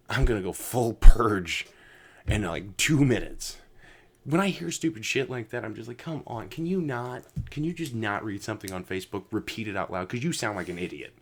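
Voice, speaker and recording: A man hosting a casual podcast, ranting with lots of swearing, jumping between loud outbursts and low mutters. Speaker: podcast host.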